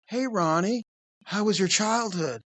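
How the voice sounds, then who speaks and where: A man's voice: high voice, unhurried, a bit bright, no room sound, voice pushed up. A man voicing a creepy middle-aged man who talks in a coaxing, sing-song way. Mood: wheedling.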